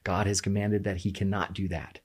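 A man's voice: low voice, flat delivery, fairly quick, breathy edge. A man explaining a text in a conversation, passionate and emphatic, often restarting his sentences. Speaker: guest explaining scripture. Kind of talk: animated podcast conversation.

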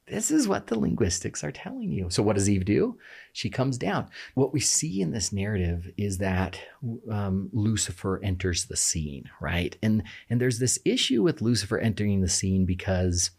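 Man, low husky voice, very animated delivery, passionate conversational explainer. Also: moderate pace. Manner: passionate, emphatic, fond of rhetorical "right?". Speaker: guest explaining scripture.

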